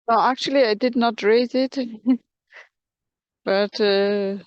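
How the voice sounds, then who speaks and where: Slow, hesitant woman, dry sound. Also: on the high side, steady tone, no echo, highs cut off. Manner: hesitant, laughing lightly. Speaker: participant. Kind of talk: spontaneous share.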